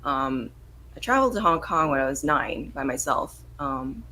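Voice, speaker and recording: A woman's voice: extremely low pitch, expressive, normal speed, pushed and bright, slight background noise, low-quality recording. A woman in her thirties with a mixed American and British accent, chatting as an actress guest in an interview and laughing often. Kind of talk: casual interview chat.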